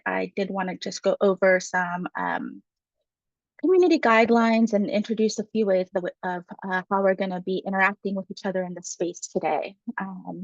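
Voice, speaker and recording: Woman facilitator with a gravelly, dry voice. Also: fairly low pitch, dry recording, lo-fi sound. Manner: friendly, conversational, with frequent um fillers. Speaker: workshop facilitator. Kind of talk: webinar presentation.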